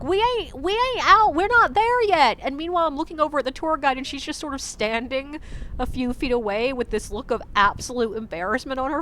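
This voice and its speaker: A woman's voice: sits high, slight background noise. A woman who works as a ghost tour guide, telling a story casually and acting out what people said, with lots of "like" fillers. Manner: chatty, lots of "like" fillers, acts out quotes.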